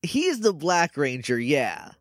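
A man's voice: on the high side, wildly swooping pitch, takes it slowly, no echo, studio quality. A man co-hosting a podcast, casually recapping a show episode with laughs and quoted voices. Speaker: podcast co-host.

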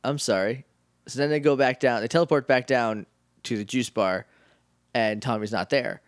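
A man's voice: mid-range voice, steady tone, normal speed, smooth, no echo, clean studio sound. A man co-hosting a podcast, casually recapping a TV episode and acting out the characters' lines for laughs. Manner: jokey, acts out characters' lines. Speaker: podcast co-host.

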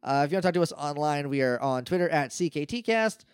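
A man's voice: a little high, animated, fast talker, clean tone, no echo, clean studio sound. A man narrating as game master of a tabletop role-playing podcast, loose and chatty with lots of fillers.

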